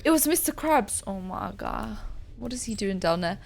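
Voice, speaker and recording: A woman's voice: medium pitch, lively intonation, moderate pace, gravelly, soft background music. A young woman streaming a scary game, jumpy and chatty, talking to the creatures she meets. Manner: jumpy, talks to game creatures, screams when startled. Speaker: gaming streamer. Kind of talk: casual let's-play commentary.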